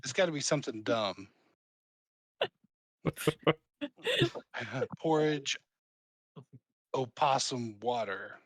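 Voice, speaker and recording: A man's voice: medium pitch, slow pace, pauses often, dry recording. Joking male tabletop player. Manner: joking, bluffing in character. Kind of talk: playing a tabletop game live.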